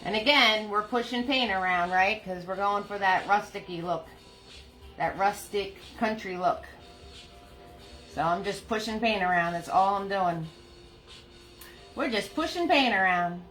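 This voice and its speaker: A chatty woman with a New Jersey accent and a bright, forceful voice, teaching a painting class live. She laughs easily and greets viewers by name, and faint music plays underneath. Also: medium pitch, measured pace, long pauses, rough recording. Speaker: painting instructor.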